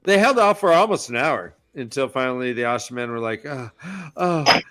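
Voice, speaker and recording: A man hosting a casual book podcast, retelling chapters with animated energy and quick jumps into quoted lines. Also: mid-range voice, clean tone. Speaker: podcast host. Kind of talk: casual chat recapping a book.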